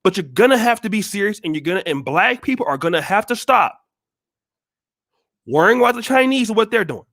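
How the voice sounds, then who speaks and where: Male vlog host, very high voice, preachy and forceful, tough-love rant. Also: sing-song, fairly quick. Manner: blunt, scolding, repeats rhetorical questions. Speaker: channel host. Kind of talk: blunt motivational monologue.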